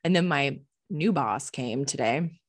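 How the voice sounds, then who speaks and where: A young Canadian woman co-hosting a casual podcast from home, telling animated stories and swearing freely. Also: rumbling low, unhurried, dry recording. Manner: swears freely, animated storytelling with quoted voices. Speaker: podcast co-host. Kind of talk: casual chat.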